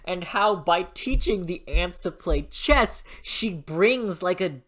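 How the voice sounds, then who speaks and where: A casual book review vlog host with a bright, forward voice. The delivery is gushing and excitable, with frank, casual swearing as opinions tumble out. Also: medium pitch, slow.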